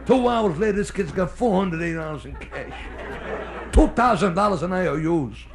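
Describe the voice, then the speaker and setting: A male stand-up comedian with a Brooklyn accent, telling jokes live on a club stage and slipping into quick character voices. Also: sits high, lively intonation, gravelly, a crowd in the background. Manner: brash storyteller doing quick character voices. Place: hotel nightclub stage. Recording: live club recording with faint noise. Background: audience laughter.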